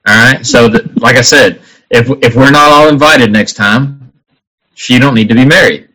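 A man's voice: mid-range voice, moderate pace, bright, forceful tone, low-quality recording. A man in a casual chat with childhood friends, speaking bluntly and teasing.

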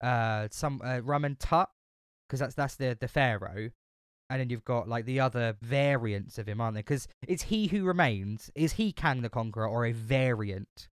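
Man, smooth voice, dry close mic, rambling, swears a lot. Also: medium pitch, lively intonation, normal speed, no room sound. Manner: chatty, swears a lot, many fillers and restarts. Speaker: podcast co-host. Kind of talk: casual film chat.

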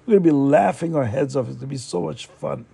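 A man narrates a story in a loose, chatty way, with frequent fillers and restarts. His voice is gravelly and husky, pitched slightly high but dark and mellow in tone. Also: fast talker. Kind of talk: casual oral storytelling.

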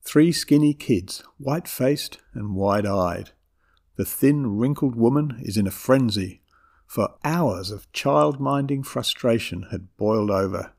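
Gravelly man narrating a memoir. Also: medium pitch, darkish tone. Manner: measured, dramatic storytelling.

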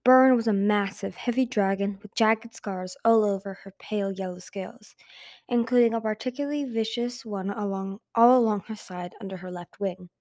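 A woman reads a fantasy novel aloud for an amateur audiobook, in a mellow, soft-toned voice. She reads carefully and goes back to fix her slips now and then. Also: medium pitch, moderate pace. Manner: careful reading with frequent self-corrections. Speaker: audiobook reader.

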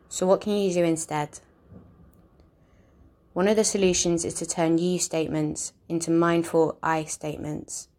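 A woman giving a calm, measured instructional narration, explaining ideas step by step. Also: deep voice.

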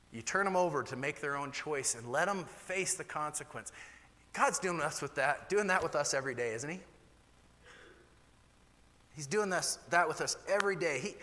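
A man preaching from the front of a church, his voice bright and forceful. His talk is candid and animated, and his pitch leaps up now and then. The hall rings with a long reverb behind him. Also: a little hiss or hum. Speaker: pastor. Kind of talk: sermon.

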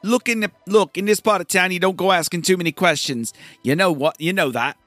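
A man voicing a streetwise Cockney thief woman in a game, in a deliberately bad put-on Cockney accent. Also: high-pitched, fairly bright tone, no echo, faint music behind, voice pushed up. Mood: knowing.

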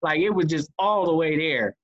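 A man in a casual group chat, telling stories with animated acted-out quotes. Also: fairly high pitch, moderate pace, lo-fi sound. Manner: animated storyteller, acts out quotes.

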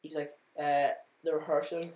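A man's voice: fairly high pitch, flat delivery, moderate pace, a crowd in the background. A young man chatting as a podcast guest, keen and tending to repeat himself. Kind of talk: casual chat. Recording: echoey room.

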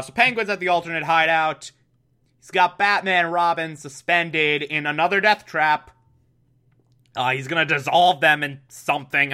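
Sarcastic man with a bright voice. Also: fairly high pitch, smooth. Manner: sarcastic, rambling. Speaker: show recapper. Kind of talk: casual recap.

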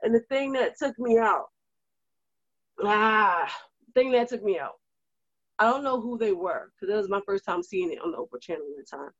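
A woman co-hosting a casual chat at her desk, talking in an animated, rousing and exhortative way. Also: mid-range voice, normal speed, pauses often, no echo. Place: at a desk indoors. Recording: dull, lo-fi, dry recording.

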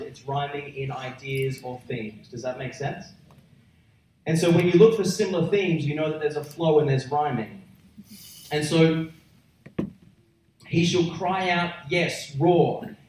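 A man's voice: a little high, far from the mic, a little hiss or hum. Man preaching in an echoey hall. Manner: emphatic, building to loud roaring peaks. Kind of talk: sermon. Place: large church hall.

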